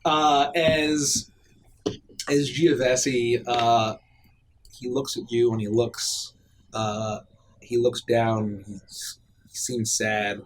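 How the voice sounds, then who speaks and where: A man narrating as game master in a tabletop game, describing the scene loosely with lots of pauses and restarts. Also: mid-range voice, steady tone, slight background noise. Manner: loose, with many fillers and restarts while describing.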